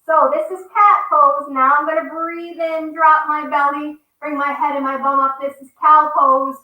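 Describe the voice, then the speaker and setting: A woman's voice: high voice, level tone, moderate pace, recorded from a distance, muffled recording. A woman teaching a children's yoga class over a video call, coaxing and upbeat as she talks straight to the kids and reads them a story. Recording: roomy echo.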